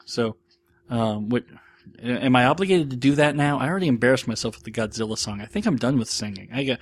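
Man, podcast host, casual listener Q&A, rambling, self-deprecating, mid-pitched voice. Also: expressive, a little fast. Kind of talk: casual monologue.

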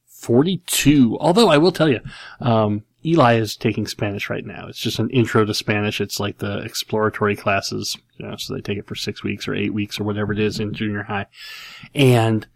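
A man in his forties hosts a casual show, reading listener questions aloud and answering in a rambling, self-deprecating way with frequent chuckles. His voice is lowish and gravelly, with fairly even intonation, a moderate pace, and no echo.

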